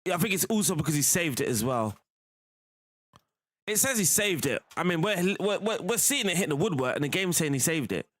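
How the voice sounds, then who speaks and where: Chatty young man, lively and dry. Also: fairly high pitch, brisk, no room sound. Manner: chatty, laughs often, says "bro" and "innit". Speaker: gaming streamer. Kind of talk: casual game commentary.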